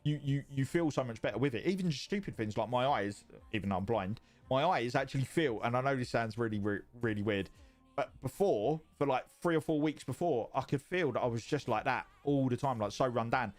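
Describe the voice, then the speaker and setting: A man with a medium-pitched, brisk voice chats casually on a home livestream, reading out viewer messages. His talk wanders, repeats itself and is full of swearing.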